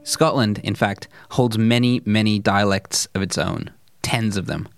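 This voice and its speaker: A man reads a scripted narration in an earnest, measured voice with a fairly low pitch. It is recorded dry and close, with light music behind it. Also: dry recording.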